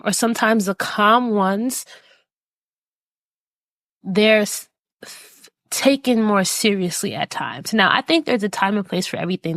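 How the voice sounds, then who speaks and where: Speaking in a mid-range voice with no echo, a female podcast host offers reflective personal talk about life lessons, earnest and encouraging, dropping in casual fillers.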